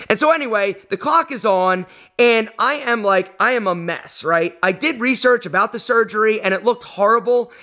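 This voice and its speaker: A man's voice: high voice, pushed and bright. A man telling a personal story on his vlog, emotional and rambling, with lots of fillers. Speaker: vlog host.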